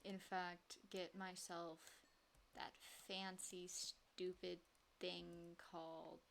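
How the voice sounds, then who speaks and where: A woman's voice: lowish voice, little pitch movement, very slow, creaky, a bit bright, slight background noise. A woman streaming herself playing a game, chatting casually to herself and her chat, often breaking into little exclamations and sing-song lines.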